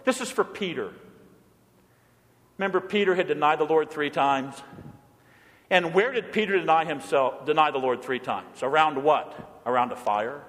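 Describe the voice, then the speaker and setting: A male pastor preaching a sermon in a church, animated, acting out quotes and rising to near shouts. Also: a little high, moderate pace. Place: church sanctuary. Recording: long hall reverb.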